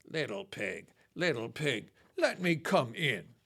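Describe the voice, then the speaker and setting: A storyteller voicing the hungry, angry big bad wolf of a children's storybook, growling out slow, drawn-out threats. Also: mid-range voice, big pitch swings, vocal fry, fairly bright tone, breathy edge, full character voice. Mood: menacing growl.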